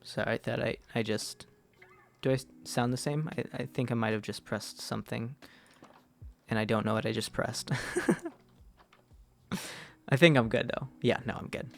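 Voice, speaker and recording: A man's voice: mid-range voice, unhurried, vocal fry, long pauses. A man streaming a game, chatting casually in a rambling way, restarting and correcting himself as he answers chat. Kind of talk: casual gaming livestream chat.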